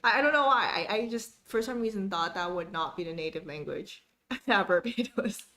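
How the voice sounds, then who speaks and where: A woman's voice: mid-range voice, lively intonation, normal speed, pushed and bright. A young woman hosting a live study stream at home, reading viewer comments aloud and greeting people by name in a chatty, upbeat way.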